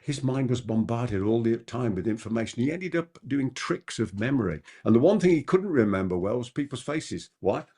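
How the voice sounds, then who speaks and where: A man giving a live masterclass on persuasion as a trainer. He talks quickly and keeps asking the audience rhetorical questions. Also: slightly rough. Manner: animated, with big pitch swings.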